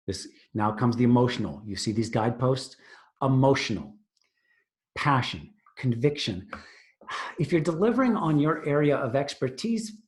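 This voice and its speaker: A man giving an online tutorial on presentation skills. He talks with lively emphasis, punching key words and then dropping to a hush for contrast. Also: medium pitch. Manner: animated, emphatic, swings from loud to hushed. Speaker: presentation coach.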